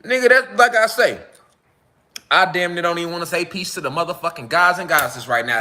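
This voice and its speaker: Fervent high-voiced man ranting. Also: a little fast, pushed and bright. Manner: rambling, repetitive, fervent. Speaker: social media commentator. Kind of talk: profane casual monologue.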